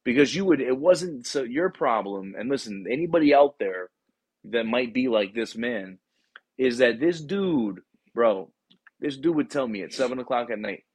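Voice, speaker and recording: A man's voice: medium pitch, expressive, moderate pace, a little mellow, husky, no room sound. A man who hosts a casual chat, a former Marine recruiter telling rambling, profane stories to his guest.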